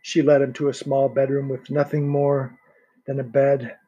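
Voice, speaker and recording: A man narrating a thriller audiobook in a steady reading voice, with a few small restarts. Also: mid-range voice, moderate pace, breathy edge, lo-fi sound.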